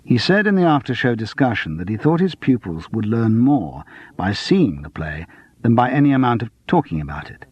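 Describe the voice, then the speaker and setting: A man voicing a calm, quietly insistent man questioning someone, in a storybook reading. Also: mid-range voice, slightly rough, dry recording. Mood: probing. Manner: measured, persistent, cool. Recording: dull lo-fi dry audiobook recording.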